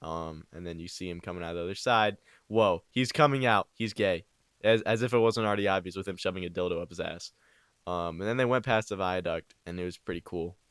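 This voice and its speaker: Brief: young male narrator, deadpan, rambling, crude improv, home mic. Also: sits low, brisk, no room sound, clean studio sound. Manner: rambling, deadpan, swearing, ad-libbed. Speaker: amateur parody narrator. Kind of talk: improvised crude mock storytelling. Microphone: new home microphone.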